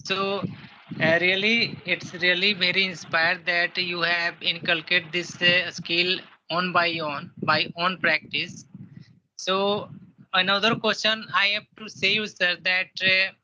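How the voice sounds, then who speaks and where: A man asking questions politely and haltingly, with many restarts, as an interviewer. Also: high-pitched, flat delivery, pushed and bright. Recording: dull lo-fi audio.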